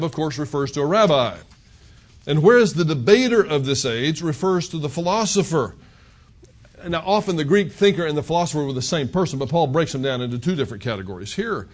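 A pastor delivers a conversational sermon. His voice sits high and moves through a lively, animated range. He presses his points with emphatic rhetorical questions. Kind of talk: expository sermon.

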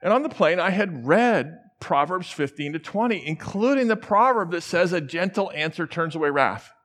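Storytelling preacher with a higher voice. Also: male voice, a bit bright. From central United States. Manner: conversational storytelling, acts out quoted voices. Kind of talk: sermon with personal stories. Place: large church.

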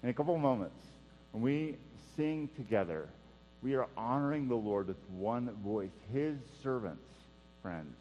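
A man's voice: mid-range voice, lively intonation, normal speed, faint music behind. Man, pastor preaching, earnest, repeats key lines, long hall reverb, dull sound with mains hum. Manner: earnest preaching, repeats key phrases, drops to a hush for emphasis. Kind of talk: sermon.

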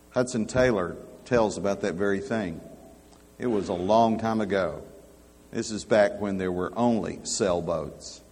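A man preaching a sermon, telling folksy humorous stories in an animated way. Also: deep voice, breathy edge. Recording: long hall reverb.

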